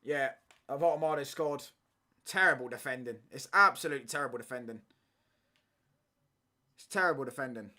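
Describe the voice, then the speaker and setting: Slangy young man in a bright voice. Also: medium pitch, moderate pace, pauses often. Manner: slangy banter, tags lines with mate and bro. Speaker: watchalong streamer. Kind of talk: casual football watchalong chat.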